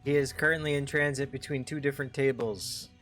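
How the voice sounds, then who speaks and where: A male game master narrating a tabletop game, pausing and restarting as he searches for the right description. His voice sits at a middling pitch, with faint music playing underneath. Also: steady tone, a bit bright. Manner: halting, searching for words while describing.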